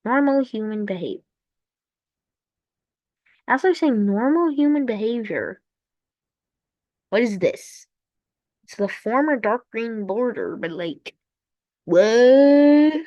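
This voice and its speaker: Over a map, a woman with a mid-range voice gives casual, rambling commentary with no echo. She's playful, cracking jokey asides and repeating words in a sing-song way.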